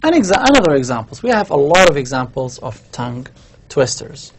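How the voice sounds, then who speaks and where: A man's voice: medium pitch, animated, fairly quick. A man giving a university lecture, explaining step by step while writing on a board and often checking in with the class. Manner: writes on a board while talking.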